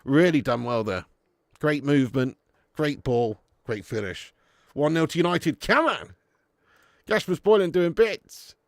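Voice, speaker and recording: A fan commentator, fired up and foul-mouthed as he calls a football match live and talks straight to his viewers. His voice sits a touch high, recorded close and dry with no room sound. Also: measured pace, no echo. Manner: excitable, swears freely, chats to viewers. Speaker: fan watch-along commentator.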